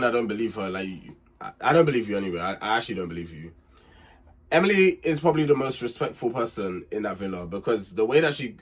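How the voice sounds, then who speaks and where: A young man hosts a casual reality TV recap, chatty and candid, repeating himself and getting emphatic when he gives his opinions. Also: fairly low pitch.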